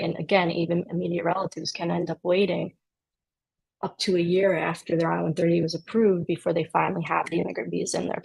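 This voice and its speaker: A woman's voice: fairly low pitch, vocal fry, a little mellow, slightly rough, poor audio. A woman immigration attorney explaining a legal process in a conversational way, with dry sarcastic asides. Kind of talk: explanatory talk to camera.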